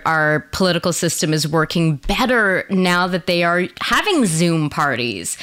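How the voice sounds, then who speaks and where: Host, female, low-ish voice, candid and swears freely, video-call chat. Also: fairly bright tone, clean tone.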